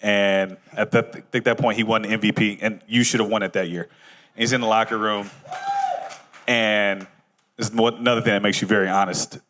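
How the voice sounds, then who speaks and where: Low-voiced man recounting a story. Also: steady tone, brisk, fairly bright tone, slight background noise. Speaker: former basketball player. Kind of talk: casual anecdote to a former teammate.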